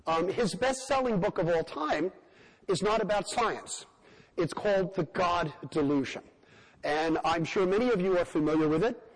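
A man with a fairly high voice delivers a public lecture as a scientist. He speaks in measured, emphatic phrases and poses rhetorical questions. His voice rings out with a long reverb, as in a large lecture hall.

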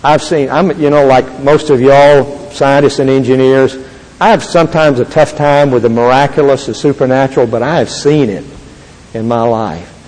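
An older man giving an earnest, halting Christian testimony to an audience. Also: medium pitch, a little mellow. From Texas. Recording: long reverb of a large hall.

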